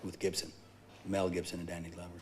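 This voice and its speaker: A man, a talk show guest telling stories in an animated, laughing way. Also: low voice, quick pace, slight background noise. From Texas, USA. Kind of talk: talk show interview, storytelling.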